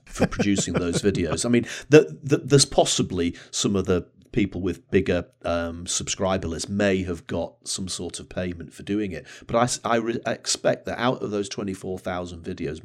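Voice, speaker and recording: Low-voiced man in casual podcast chat. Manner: conversational, hesitant restarts. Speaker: podcast co-host.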